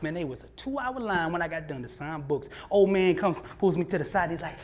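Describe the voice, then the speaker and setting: A man speaking as a motivational speaker, telling a story live in a lively, slangy way, often laughing and acting out what others said. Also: a little high, a little fast, hardly any pauses, slight background noise.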